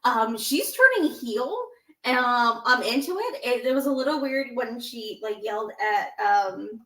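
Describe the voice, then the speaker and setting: A woman's voice: fairly high pitch, expressive, unhurried, pushed and bright, roomy sound. A woman in her thirties co-hosting a podcast, talking in a rambling, casual way full of fillers and playfully acting out quoted lines. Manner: chatty, rambling, lots of "like" and "um". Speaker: podcast co-host. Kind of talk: casual chat.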